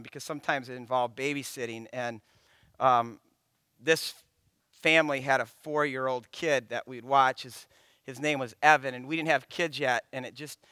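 A man preaching a sermon as a pastor, swinging from loud emphatic lines to hushed, almost whispered ones. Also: mid-range voice, smooth, dry recording.

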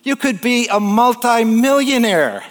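A preacher puts on a pushy young business graduate, talking fast and bright as he pitches big plans. The voice sits a bit high and carries a long church hall echo. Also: animated. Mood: eager. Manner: brisk, persuasive, upbeat pitching. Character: eager young male business grad, pushy salesman.

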